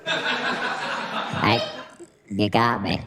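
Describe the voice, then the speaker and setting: A man's voice: fairly low pitch, wildly swooping pitch, drawn-out words, a loud crowd, full character voice. A man voicing a clockwork robot player character in a tabletop game, talking casually and innocently. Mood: sheepish.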